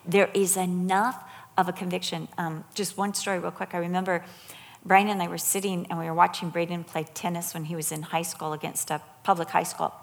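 Low gravelly middle-aged woman telling stories. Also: a little fast, big-room sound. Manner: animated storyteller, acts out quotes. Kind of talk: casual faith discussion, storytelling.

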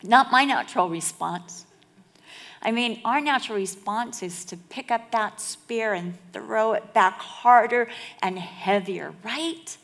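Slow, dramatic woman preacher. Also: a little high, creaky, a bit bright. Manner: dramatic, acts out quotes, drops to a whisper for emphasis. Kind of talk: sermon.

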